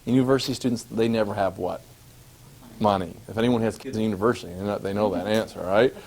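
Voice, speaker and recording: A man telling a personal travel story to an audience, animated and acting out scenes, laughing at his own tale. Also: on the low side, fast, slight background noise.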